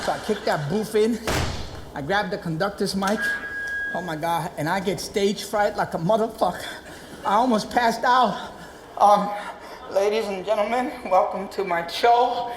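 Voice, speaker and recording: A brash New man works a theater crowd in a one-man comedy show, talking streetwise and animated. The stage sound is roomy, with noise all around him. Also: sits high, unhurried. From Queens, New York. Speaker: comedian and actor.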